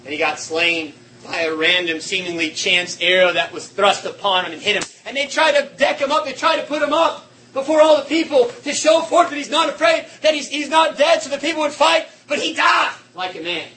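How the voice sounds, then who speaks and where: A man preaching a sermon with passion, swinging between shouting and hushed, quiet tones. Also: very high voice, a little fast, rough recording.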